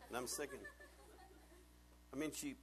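A man in his thirties preaching a sermon, animated and jokey, acting out voices as he tells stories. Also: medium pitch, a little slow, crowd noise. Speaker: pastor.

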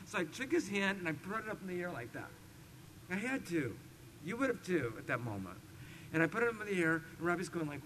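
High-voiced man preaching, animated. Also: quick pace, a little hiss or hum, poor audio. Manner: animated storyteller, swings between loud emphasis and hushed asides. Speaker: pastor. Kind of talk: expository sermon with personal stories.

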